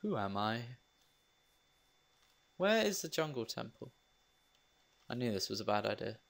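A young let's play gamer rambles through casual commentary on his play, teasing himself along the way. His medium-pitched voice is gravelly and a bit bright, sing-song and a little slow.

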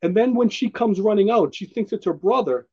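Brief: man, fairly high husky voice, enthusiastic rambling podcast co-host. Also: lively intonation, fairly quick, a little mellow, muffled recording. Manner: enthusiastic, rambling, laughs often. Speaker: podcast co-host presenting a comic. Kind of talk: casual comic book chat.

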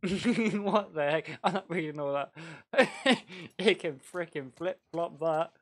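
A man talks his way through a video game stream in a loose, chatty manner. His voice sits a bit high for a man, and he laughs easily and reacts loudly to surprises. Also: slow. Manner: excitable, chatty, laughs often, mild slang. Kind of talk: casual game-stream commentary.

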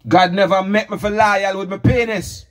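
A man's voice: sits high, steady tone, normal speed, faint music behind. A Jamaican man hosting a comic chat in patois, giving mock-preachy advice. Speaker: comedy host playing a pastor.

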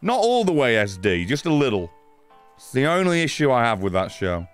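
A man's voice: medium pitch, very animated, brisk, clean tone, soft background music. A man in his thirties giving live, sweary game commentary, ranting at the game in exasperation. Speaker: gaming streamer.

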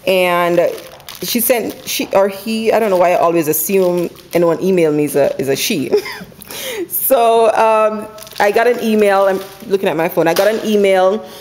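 A woman chatting casually at home about her couponing haul, running through prices quickly and laughing now and then. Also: mid-range voice, darkish tone, slight background noise. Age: adult with school-age kids. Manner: chatty, quick, runs numbers aloud, laughs often. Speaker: couponing vlogger. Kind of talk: casual haul video chat. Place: home, indoors.

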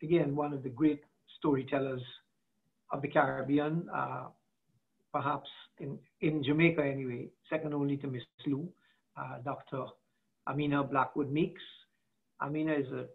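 A man's voice: mid-range voice, level tone, normal speed, gravelly. A man who is an artistic director, talking as an interview guest, rambling and searching for his words as he trails off. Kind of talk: conversational interview. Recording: tinny video-call audio.

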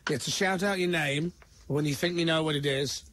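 A man hosting a morning radio show, quick and teasing in his banter. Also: fairly high pitch, fairly bright tone, a little hiss or hum. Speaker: radio host.

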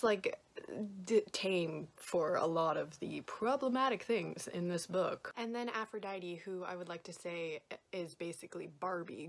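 A woman's voice: on the low side, gravelly. A young woman vlogging casually about books she reads at home, chatty and self-mocking, with lots of "like". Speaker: book vlogger. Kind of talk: casual vlog chat. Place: indoors at home.

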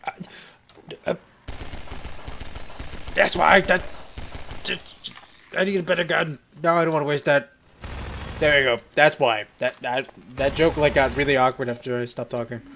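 This young gamer's let's-play commentary comes at normal speed with fairly even intonation, a sharp tone, and long pauses, over a slight hiss or hum. He's casual and foul-mouthed, cracking jokes, laughing a lot, and squeaking high-pitched yelps when startled.

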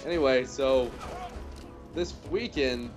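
A man's voice: mid-range voice, slow, over music. A young man co-hosting a gaming video, telling a rambling, self-mocking story in casual chat. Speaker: co-host of a game video series.

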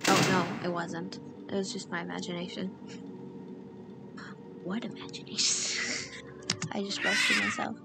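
A woman's voice: fairly low pitch, a little slow, pauses often, over loud music. A young woman co-streaming a horror game, chatting playfully and laughing at herself. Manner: giggly and playful. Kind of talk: casual gameplay chat.

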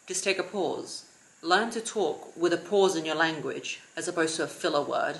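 A young woman giving calm, deliberate advice to camera as a lifestyle vlogger. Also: sits low, poor audio.

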